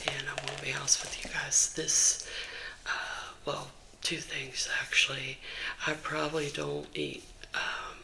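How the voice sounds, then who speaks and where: A young Southern woman whispers an ASMR ramble, chatty and wandering, close to the mic. Her whisper is slow and unhurried, with a gravelly, crackly edge. It also has a sharp, bright hiss. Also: very deep voice. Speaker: ASMR creator.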